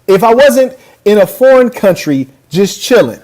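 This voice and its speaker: A man's voice: high voice, big pitch swings, moderate pace, a little mellow. A man hosting a reaction video from a hotel suite, brash, boastful and mocking as he talks over a clip. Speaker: podcast host reacting to a clip. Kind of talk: casual reaction commentary. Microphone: camera mic.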